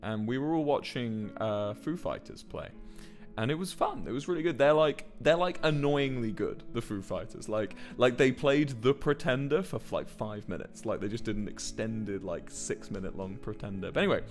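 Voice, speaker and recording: A man's voice: mid-range voice, animated, moderate pace, soft background music. A man in his twenties tells a rambling story casually on a livestream and swears often. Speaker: musician and streamer.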